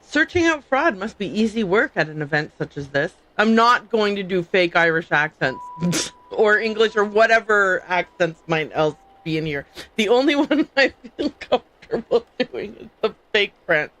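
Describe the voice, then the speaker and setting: A woman's voice: mid-range voice, animated, moderate pace, fairly bright tone, rough recording. Chatty woman streaming a game. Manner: chatty, jokey, reads on-screen text aloud. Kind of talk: casual gameplay commentary.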